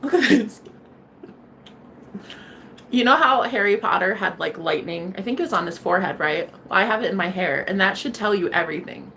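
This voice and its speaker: A woman talking straight to camera in a casual vlog, sassy and playful, dropping to a hush and then getting loud again. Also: medium pitch, fast, hardly any pauses, slight background noise. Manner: sassy, playful, swings between loud and hushed. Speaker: vlogger.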